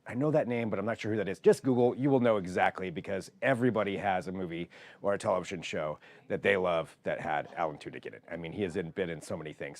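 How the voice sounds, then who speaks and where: A man's voice: lowish voice, a little mellow, no echo. A man, a local TV reporter, introducing and conducting an interview in a friendly, chatty way.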